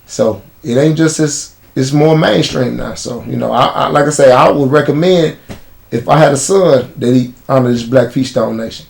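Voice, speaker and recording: Chicago man, mid-pitched voice, blunt street-slang storyteller for an interview guest spot. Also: moderate pace, vocal fry. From United States.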